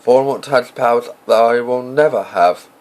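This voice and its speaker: A man voicing a calm, gentle old male wizard headmaster in an amateur audiobook reading, speaking in a gentle, unhurried way. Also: medium pitch, natural voice.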